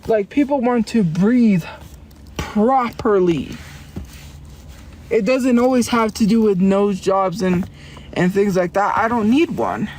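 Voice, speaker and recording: A woman livestreams from her car with a medium, somewhat mellow voice, rambling defensively and responding to chat with brief laughs, while a faint hiss or hum sits under the audio.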